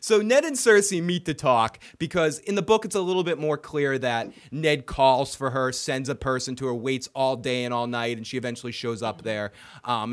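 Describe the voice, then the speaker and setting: Profane ranting man. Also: medium pitch. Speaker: podcast co-host. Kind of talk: casual recap chat.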